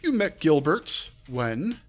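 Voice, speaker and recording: Narrating a text adventure on a live stream, this man reads slowly in a slightly high, sing-song voice and keeps breaking off for casual side remarks.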